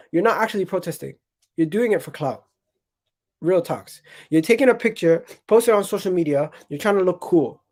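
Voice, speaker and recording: Animated, emphatic male football streamer. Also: high-pitched, normal speed. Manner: animated, emphatic, repeats himself; chatty, addresses chat directly. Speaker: football channel host. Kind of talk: live-stream football commentary.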